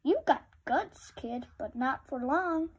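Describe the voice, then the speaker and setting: A woman's voice: high voice, expressive, slow pace. A woman voicing a gang of rowdy, taunting skeletons in a storybook read-aloud. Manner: taunting, sing-song chanting.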